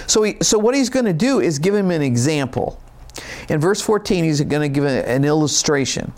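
A man's voice: on the high side, expressive, fairly quick, darkish tone. A man preaching a sermon, reading scripture and explaining it in a conversational, folksy way with casual asides. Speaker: pastor.

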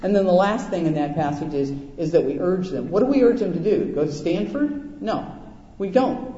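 High-voiced male pastor in an echoey hall. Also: lively intonation, normal speed, warm tone. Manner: storytelling, folksy and conversational. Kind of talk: sermon. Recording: echoey hall, dull lo-fi sound.

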